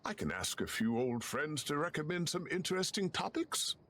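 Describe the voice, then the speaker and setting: A man's voice: on the high side, sing-song, moderate pace, fairly bright tone. An actor playing a fussy older male professor with a theatrical, lecturing way of talking. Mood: genial.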